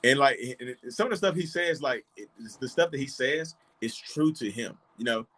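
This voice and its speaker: A man hosting a casual live-stream chat, animated, laughing often and acting out little quoted voices. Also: mid-range voice, a little fast. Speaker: host.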